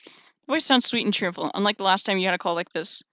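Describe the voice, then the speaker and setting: A woman's voice: medium pitch, fast, pushed and bright, no room sound. A woman streamer reading a visual novel aloud with playful, wry asides, on a close mic over faint game music.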